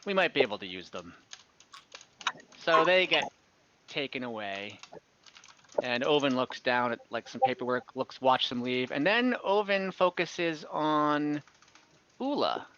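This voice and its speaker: A man's voice: medium pitch, expressive, measured pace, long pauses, fairly bright tone, slight background noise. A man narrating as game master of an online tabletop game, loose and rambling with fillers. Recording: dull lo-fi online call audio.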